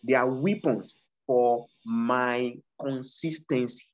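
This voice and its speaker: This is a medium-pitched, slow-paced male voice with a Nigerian accent. He's an author exhorting listeners about his book, stressing and repeating his message in a preaching manner, and the audio is dull and lo-fi.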